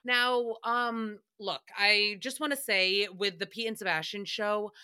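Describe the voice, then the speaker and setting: Bright-voiced woman ranting casually. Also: mid-range voice, fairly even intonation, unhurried, clean tone. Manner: rambling, profane, exasperated. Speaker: podcast recap host. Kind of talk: casual solo recap chat.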